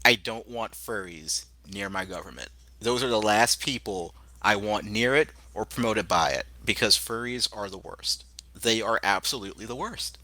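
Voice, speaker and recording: A man hosts a casual podcast, ranting in a heated, profane tone. His voice is very forceful and sharp, with a lively, swinging pitch. The sound is dry and close. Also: dry recording. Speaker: podcast host.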